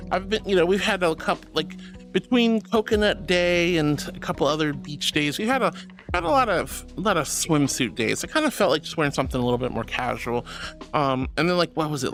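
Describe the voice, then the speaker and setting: Over soft background music, a woman VTuber streams casually, reading viewer comments and calling them honey and darling. Her voice sits on the low side, sing-song and brisk, and she laughs often.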